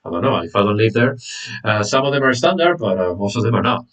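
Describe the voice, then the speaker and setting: A man's voice: fairly low pitch, big pitch swings, fast, fairly bright tone, recorded from a distance, lo-fi sound. A man teaching an online English lesson, repeating words, saying "okay" often and greeting viewers by name.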